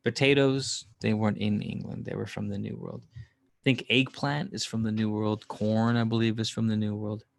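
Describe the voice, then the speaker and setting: A man with a lowish, gravelly voice speaks at a normal speed with little pitch movement. He's hosting a casual livestream, reading and answering his chat in a rambling way, laughing often and swearing freely.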